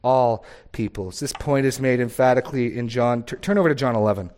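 A man's voice: medium pitch, fairly quick, a little mellow. A man preaching a sermon, earnest and emphatic, reading scripture aloud with rising force. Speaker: pastor.

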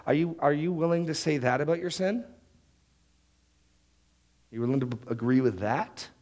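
Animated male preacher. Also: a little high, moderate pace. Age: adult, married. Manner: lively preaching, acts out quoted prayers and excuses. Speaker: pastor. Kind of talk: sermon.

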